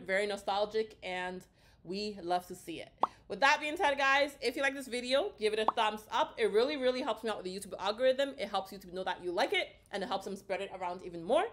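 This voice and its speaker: A young woman from Canada reacting to a music video and gushing excitedly to her viewers. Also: medium pitch. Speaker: YouTube reactor. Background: faint music from the video.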